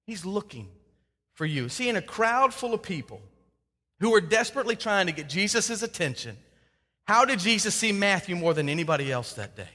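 A male pastor preaching a sermon, swinging between loud emphasis and hushed tones. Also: high voice, very animated, fairly quick. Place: church sanctuary with a congregation. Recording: long hall reverb.

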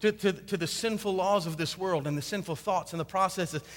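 Male pastor, very high and bright voice, animated emphatic storytelling, long hall reverb. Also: brisk. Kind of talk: sermon with personal storytelling.

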